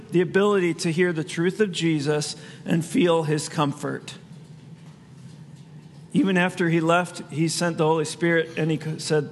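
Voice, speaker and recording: A man's voice: a little high, creaky, long reverb tail, slight background noise. A man preaching a sermon as pastor, in a conversational way with asides he laughs at himself.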